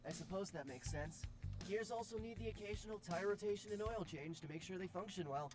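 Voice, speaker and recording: An actress voicing an easygoing, earnest young pilot in a game, calm and even-tempered. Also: female voice, mid-range voice, a little fast, music in the background, natural voice.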